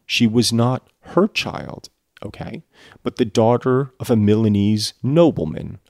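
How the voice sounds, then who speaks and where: Guy with a gravelly lowish voice reading a book out loud and snarking at it, dry close sound. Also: measured pace, no room sound. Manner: sarcastic, irreverent asides. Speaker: reader and commentator. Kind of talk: reading a novel aloud with commentary.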